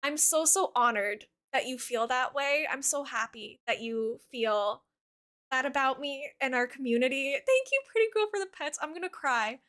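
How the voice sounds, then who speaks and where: Young woman, high voice, bubbly, sing-song, casual streaming chat. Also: expressive, normal speed, fairly bright tone. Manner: bubbly, gushing, talks sweetly to her cat and chat.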